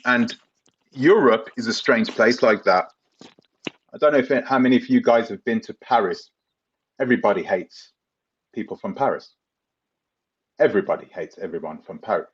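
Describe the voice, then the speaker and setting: A man's voice: on the low side, slightly rough, muffled recording. A man with a London accent hosts a live Q&A stream, rambling casually, laughing and answering viewers by name. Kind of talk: live Q&A reading viewer comments.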